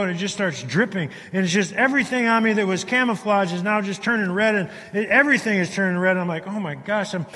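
A man with a fairly high, sharp, tense voice tells a dramatic survival story to a crowd. He stumbles over and repeats words, dropping to a hush and then rising again. His voice rings with the long reverb of a large hall. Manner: halting, repeats words, swings between hushed and loud. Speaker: speaker telling a survival story. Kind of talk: dramatic storytelling speech to an audience. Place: hall with a live audience.

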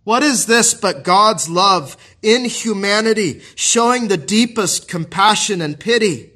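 A man's voice: high-pitched, animated, measured pace, bright, forceful tone. A man preaching a sermon in an earnest, pastoral way, often asking the listeners rhetorical questions.

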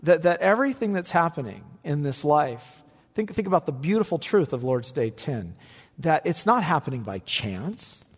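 A man's voice: moderate pace, husky. Man preaching in a reverberant hall. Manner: animated preaching, rising to emphatic peaks and dropping low. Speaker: pastor. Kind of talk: sermon.

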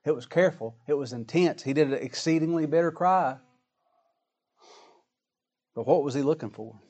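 A man's voice: on the high side, moderate pace, a little mellow. A man preaching a sermon in a folksy, dramatic style, with plain colloquial grammar and rising, emphatic lines.

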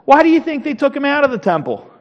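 A man's voice: very high voice, big pitch swings, quick pace, long reverb tail, muffled recording. A man teaching a Sunday school Bible class in an earnest, rambling way, asking the class questions.

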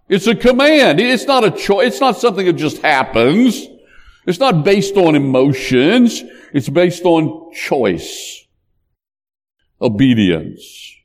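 A man preaching in a large church sanctuary, his voice sitting a bit high and moving through a wide, lively melody. He talks slowly and deliberately, leaning hard on the words he wants to stress. The room carries a long, lingering reverb. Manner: emphatic, preacherly cadence that rises on key points. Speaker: pastor. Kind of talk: sermon.

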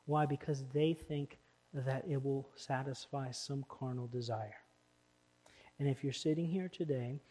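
A man preaching a sermon in church as pastor, with emphatic, building stresses. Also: medium pitch. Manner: emphatic, rising to loud stresses.

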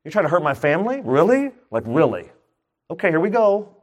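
Man, pastor, sermon, emphatic, comic asides, slightly high voice. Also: sing-song, fairly quick. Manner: emphatic preaching with comic asides and sudden rises in pitch.

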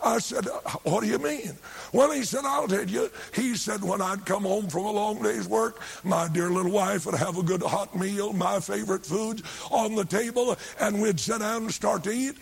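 Gravelly older preacher. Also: male voice, high voice, moderate pace. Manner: fervent, rising to shouts when quoting. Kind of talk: revival sermon storytelling.

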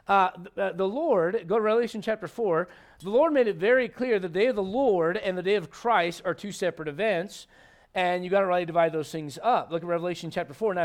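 Male pastor, high-pitched, conversational sermon delivery, quizzes the congregation, punches key lines. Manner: conversational, emphatic, asks the congregation questions. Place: church sanctuary.

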